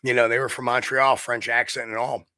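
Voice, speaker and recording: A man's voice: mid-range voice, level tone, fairly quick, pushed and bright, clean tone, dry recording. A middle-aged man from New York State, a guest researcher explaining things in a rambling, self-correcting way during a casual interview.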